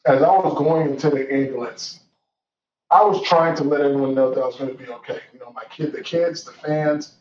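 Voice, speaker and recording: A man's voice: mid-range voice, fairly quick, darkish tone. A young man tells his own story in an earnest, reflective voice, restarting his sentences and leaning on fillers. He sounds set back from the mic, with room echo around him. The audio is dull and carries a faint hiss. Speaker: guest telling his story. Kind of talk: personal storytelling. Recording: roomy, distant, dull sound with faint noise.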